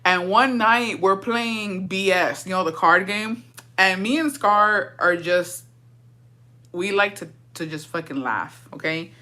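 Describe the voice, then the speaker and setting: A woman's voice: mid-range voice, slow pace, pushed and bright. A woman telling a casual storytime vlog in a blunt, heavily profane way, switching between English and Spanish slang. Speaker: vlogger.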